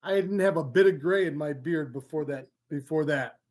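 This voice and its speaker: A man's voice: a little high, normal speed, a little mellow. A man hosting a casual fishing livestream from home, rambling and joking as he reads out comments. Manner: rambling, joking, easily sidetracked. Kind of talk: casual live-stream chat. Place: home, indoors.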